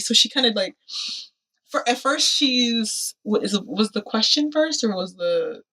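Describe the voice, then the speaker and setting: A woman's voice: on the high side, moderate pace. A woman co-hosting a podcast, chatting casually through a movie recap and acting out the characters' lines with lots of fillers. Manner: animated, acts out quotes with lots of "like" and laughs. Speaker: podcast co-host.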